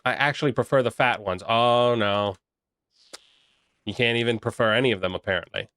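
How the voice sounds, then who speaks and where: A man's voice: medium pitch, a little fast, bright, forceful tone, clean tone, no echo, clean studio sound. A young man chatting casually on a live stream, rambling and making crude jokes while reacting to chat. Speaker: livestreamer reading chat.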